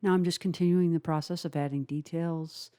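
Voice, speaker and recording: Female art instructor, low and mellow, calm step-by-step tutorial narration with filler pauses. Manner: unhurried, explains each step, frequent "uh" pauses. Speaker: watercolor instructor.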